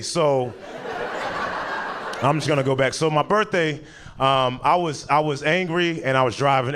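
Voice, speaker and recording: This young comedian's set is relaxed and chatty, and he does voices for the characters in his anecdotes, speaking in a mid-range voice. He's performing live at a comedy club, with the crowd's laughter, applause and a steady hum audible behind him.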